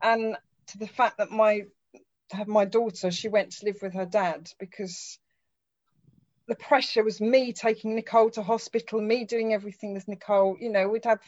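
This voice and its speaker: A woman's voice: mid-range voice, fairly even intonation, normal speed, a little mellow, dry recording, highs cut off. A middle-aged woman speaking earnestly as a mother about her family's experience. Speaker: parent guest. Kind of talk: personal account.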